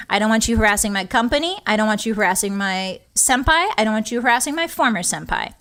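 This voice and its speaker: A young woman talks casually to her stream audience, her voice sitting a little high. She is chatty and emotional, giggling through her words. She speaks into a close desk microphone. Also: animated, fast talker, a bit bright. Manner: chatty, emotional, reads chat aloud, giggly. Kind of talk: casual live-stream chat.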